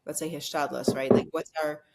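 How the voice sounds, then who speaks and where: A woman's voice: low voice, fairly even intonation, fairly quick, vocal fry, background noise. A woman co-hosting a podcast who thoughtfully rephrases another speaker's point, heard a little from the mic. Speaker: podcast co-host. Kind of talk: conversational interview.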